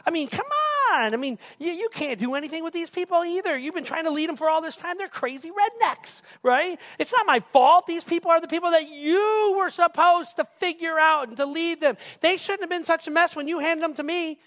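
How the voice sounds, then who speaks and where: A man's voice: very high-pitched, expressive, normal speed, creaky, heavily acted. A preacher voicing a whiny grown man who excuses himself and shifts the blame, pleading and defensive. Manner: pleading, defensive, rising and loud. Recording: reverberant hall.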